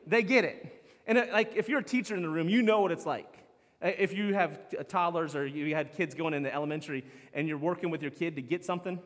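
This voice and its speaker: A man with a fairly high voice preaches a sermon, casual and animated, breaking into laughter between points. His voice rings with a long reverb, like a church sanctuary. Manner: animated, chatty, laughs often. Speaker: pastor.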